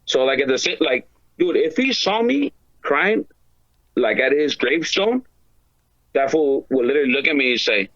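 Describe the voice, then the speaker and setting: A man chats loosely as a podcast guest, rambling through stories full of slang, swearing and filler words. His voice sits at an ordinary pitch. The recording is dry and a little dull. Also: very animated, moderate pace, a bit bright, no room sound. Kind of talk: casual chat.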